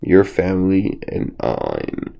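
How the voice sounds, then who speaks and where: A man voicing a sly, flattering male fox who talks in a joyful, excited way in a bedtime storybook. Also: sits low, slow, creaky, highs cut off, pitched above the performer's own voice, exaggerated voice. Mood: gushing.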